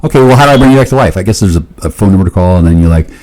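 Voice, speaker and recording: A man in a rambling, profane monologue, often restarting and jumping suddenly up in pitch. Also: animated, racing, a little mellow, poor audio.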